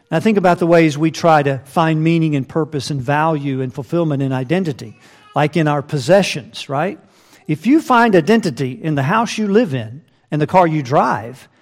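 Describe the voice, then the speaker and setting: A man's voice: on the high side, darkish tone. A man preaching a sermon, reading scripture aloud and asking the listeners rhetorical questions. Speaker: pastor.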